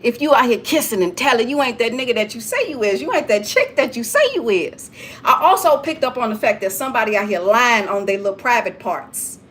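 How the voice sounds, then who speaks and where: High-voiced woman lecturing, emphatic and repetitive. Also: a little fast, a bit bright, slight background noise. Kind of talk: preachy straight-talk monologue.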